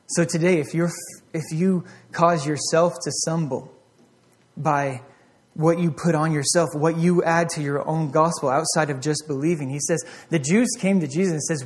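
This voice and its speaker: Male pastor, slightly high voice, conversational sermon that acts out dialogue. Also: steady tone, moderate pace.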